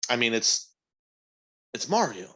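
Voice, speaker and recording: A man's voice: mid-range voice, sing-song, slow, pushed and bright. A man co-hosting a podcast, talking in a casual, opinionated way and swearing freely. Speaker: podcast co-host. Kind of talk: casual chat.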